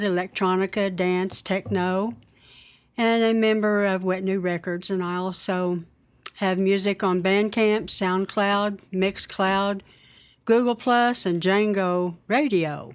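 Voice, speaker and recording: A woman musician answering interview questions in a measured way, listing things as she goes. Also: mid-range voice, clear, resonant tone. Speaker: guest musician.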